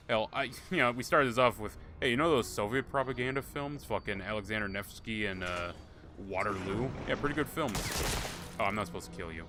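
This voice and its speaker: Low-voiced, profane male game streamer. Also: fairly quick, background noise. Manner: rambling, profane, joking. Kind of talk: casual live-stream commentary. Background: game music and gunfire.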